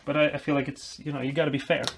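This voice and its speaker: A man's voice: fairly high pitch, level tone, rapid-fire, creaky, slight background noise. A man vlogging as he builds a guitar, explaining while he works, rambling and making self-deprecating jokes. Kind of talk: casual workshop tutorial chat.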